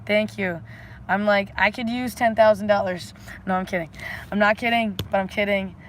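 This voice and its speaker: A woman's voice: medium pitch, steady tone, moderate pace, a little hiss or hum. A woman chatting casually to livestream viewers, rambling and effusive, repeating affectionate phrases and slipping into spiritual pep talk. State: emotional, close to tears. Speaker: livestreamer offering readings.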